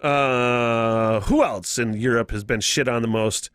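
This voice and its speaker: A man's voice: mid-range voice, steady tone, takes it slowly, a bit bright, clear, resonant tone, no room sound. An American man hosting a casual solo podcast, profane and laughing often, on a close mic. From United States. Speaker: podcast host.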